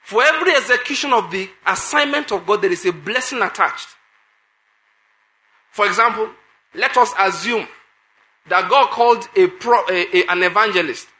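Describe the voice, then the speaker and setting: High, bright-voiced preacher. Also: male voice, expressive, moderate pace. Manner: emphatic, repeats phrases, asks the congregation questions. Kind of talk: sermon.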